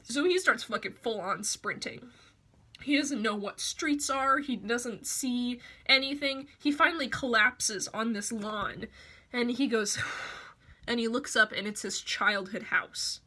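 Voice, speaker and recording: A man's voice: very high voice, measured pace, bright, forceful tone. A man casually recapping a film plot for a video review, profane and offhand.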